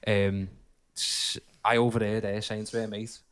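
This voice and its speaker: A man's voice: fairly low pitch, flat delivery, measured pace, a bit bright, clean tone. A man co-hosting a casual podcast, laughing often while he tells drunken pub stories. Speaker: podcast co-host. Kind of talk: casual banter with friends.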